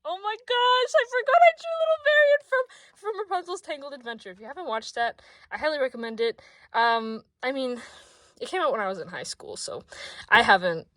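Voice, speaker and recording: A young woman in her twenties chats breathlessly at her desk, rambling and excitable, sometimes trailing into soft mumbles. Her voice sits on the higher side, and the recording is close and dry. She sounds a little winded. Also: no echo. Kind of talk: casual sketchbook tour vlog.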